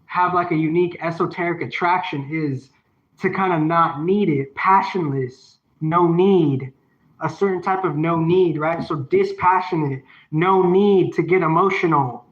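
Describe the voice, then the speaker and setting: A man's voice: fairly high pitch, a little slow. A man reading advice aloud and breaking off into rambling, profane asides, sometimes repeating a phrase over and over like a chant. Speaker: solo video host. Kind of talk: reading a text aloud and riffing on it. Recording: dull lo-fi recording.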